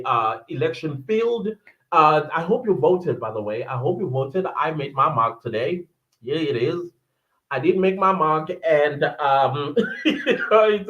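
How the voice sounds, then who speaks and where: South African man, high-pitched, chatty live-stream commentary, slightly muffled lo-fi sound. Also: a bit bright. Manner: chatty, reads viewer chats aloud and reacts.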